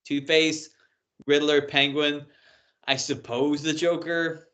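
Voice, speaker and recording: Blunt, bright-voiced Northern Irish man. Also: on the high side, little pitch movement, takes it slowly. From Northern Ireland. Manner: blunt, swears freely, joking. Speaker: podcast co-host. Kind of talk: casual chat.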